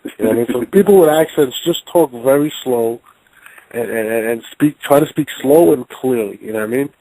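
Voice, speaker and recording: A man hosting a call-in show, talking casually, loudly and profanely, often repeating words as he rambles. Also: mid-range voice, brisk, poor audio. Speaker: show host.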